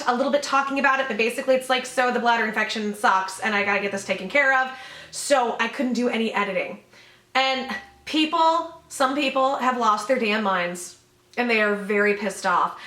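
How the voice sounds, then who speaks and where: A woman's voice: high voice, bright, forceful tone, echoey room. A woman YouTuber in a casual commentary vlog, rambling, swearing freely and laughing as she talks sarcastically from a room at home.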